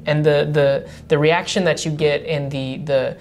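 Brief: young adult male worship leader, radio co-host, earnest and reflective, pauses to find words. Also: fairly high pitch, flat delivery, darkish tone, slight background noise. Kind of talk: casual devotional radio chat.

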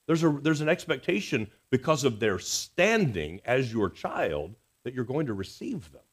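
A man preaching a Sunday sermon in a church, earnest and expressive, swinging between emphatic rises and soft, quiet drops. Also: mid-range voice, moderate pace, breathy edge. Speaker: pastor. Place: church sanctuary.

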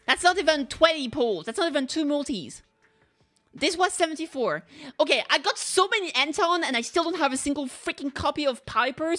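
A young woman streamer reacting loudly to game pulls, talking to the screen and shouting when things go wrong. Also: sits high. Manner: excitable, yells at the game. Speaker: gaming streamer.

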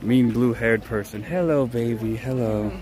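Sex: man. Role: live streamer. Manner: playful, theatrical. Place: outdoor night market. Mic: handheld phone. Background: loud crowd. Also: mid-range voice, moderate pace. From United States. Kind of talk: casual live stream walking commentary. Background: busy crowd chatter.

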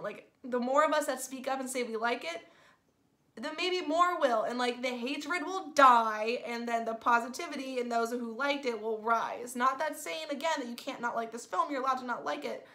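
Excitable woman gushing in a movie review. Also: fairly high pitch. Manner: gushing, excitable, says "like" constantly. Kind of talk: casual spoiler review.

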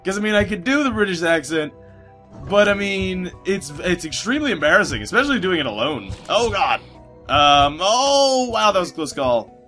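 A man's voice: high voice, very animated, normal speed, bright, forceful tone, soft background music. A man narrating his video game run, rambling and chatty as he plays, full of fillers and restarts. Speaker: gaming YouTuber. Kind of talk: let's play commentary.

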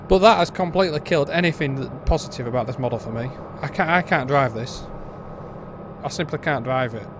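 Brief: British male reviewer, blunt and fed up, casual rambling commentary, average pitch, faint ambient noise behind. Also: a little fast. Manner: blunt, exasperated, rambling with restarts. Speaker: game reviewer.

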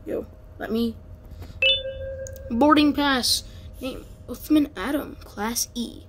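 A woman's voice: fairly high pitch, measured pace, darkish tone, a little hiss or hum. A woman giving casual let's play commentary, exasperated and exclaiming as she complains about the game's controls. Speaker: gamer.

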